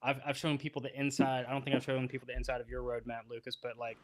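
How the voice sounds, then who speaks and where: A man's voice: medium pitch, completely flat delivery, fast. A man speaking as a guest on a casual interview show, talking loosely with many restarts. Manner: rambling, full of fillers and restarts.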